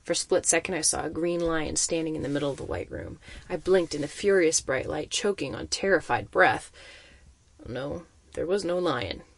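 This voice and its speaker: A man narrating a first-person audiobook story in an expressive, suspenseful manner. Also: on the high side, fairly quick, creaky, dry recording.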